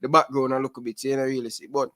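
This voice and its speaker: A man's voice: medium pitch, rapid-fire, no room sound, studio quality. A man calling in to a fan show, talking animatedly and calling everyone brother. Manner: animated, patois-laced, calls everyone brother. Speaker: caller. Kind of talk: casual phone-in chat.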